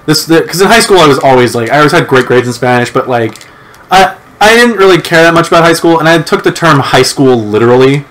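A man's voice: a little high, animated, fast, fairly bright tone. Young man telling a rambling story. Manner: rambling storyteller, swears freely, many restarts. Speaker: podcast co-host. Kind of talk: casual chat.

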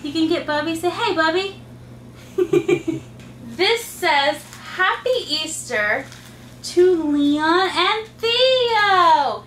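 A high-pitched mother hosts a casual unboxing, her voice swooping up and down as she gushes and coos to her toddlers. She speaks unhurriedly. The sound comes from a mic set some way off in an echoey room with a faint hum of ambience. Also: animated, extremely slow, fairly bright tone, far from the mic. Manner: gushing, sing-song baby talk to her toddlers. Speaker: mother and channel host. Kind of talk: casual unboxing vlog talk.

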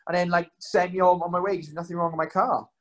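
Heard on a low-quality recording, this young man's high-pitched, slightly bright voice keeps a fairly even intonation. As a guest and professional fighter in a relaxed storytelling chat, he rambles quickly through his tales, full of fillers like "um" and "like."

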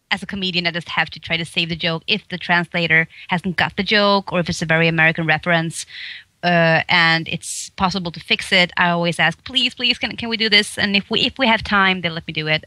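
This Swedish voice actress, a guest in a casual interview, has a fairly low pitch and is recorded with no room sound. She's giggly and animated, laughing often as she chats.

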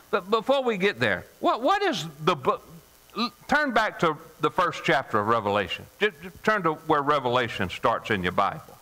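A man's voice: a little high, bright, forceful tone, low-quality recording. A male pastor preaching a midweek sermon in church, emphatic and repetitive, with frequent restarts. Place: church sanctuary.

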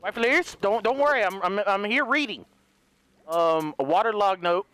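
A man doing let's play commentary, excitable, talking to his viewers, yelping and swearing as he plays. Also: high voice, normal speed, clear, resonant tone, dry recording. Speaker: gaming youtuber.

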